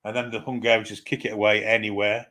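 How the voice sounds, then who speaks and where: A man's voice: on the low side, little pitch movement, fast talker, bright, forceful tone. A man giving live fan commentary on a football match, irreverent, swearing freely and reading out viewer comments.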